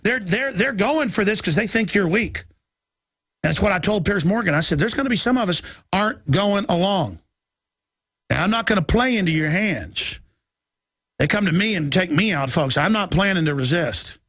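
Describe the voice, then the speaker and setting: High-pitched ranting talk radio man. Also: animated, a bit bright, no room sound, clean studio sound. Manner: urgent, ranting delivery; reads headlines aloud rapidly.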